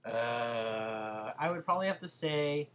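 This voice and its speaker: A man's voice: mid-range voice, lively intonation, takes it slowly, fairly bright tone, slight background noise. A young man with a Californian accent, chatting casually as a vlogger answering viewer questions, hesitant and full of fillers. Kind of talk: casual chat.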